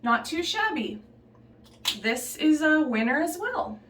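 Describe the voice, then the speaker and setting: A woman chatting casually through a makeup tutorial in a relaxed, offhand way, slipping into a put-on Southern belle accent. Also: high voice, slow, echoey room, distant mic, a little hiss or hum. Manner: relaxed, chatty, trailing off and restarting while applying makeup. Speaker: beauty vlogger.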